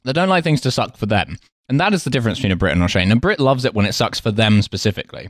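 Wry, profane man with a lowish voice. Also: animated, very fast, no echo, studio quality. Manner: wry, profane, laughs often. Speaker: podcast co-host. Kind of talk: casual chat.

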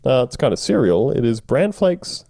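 A man's voice: medium pitch, sing-song, normal speed, vocal fry, mellow, no echo, clean studio sound. A man with an Australian accent, co-hosting a podcast in a laid-back, rambling, sweary way. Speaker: podcast co-host. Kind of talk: casual chat.

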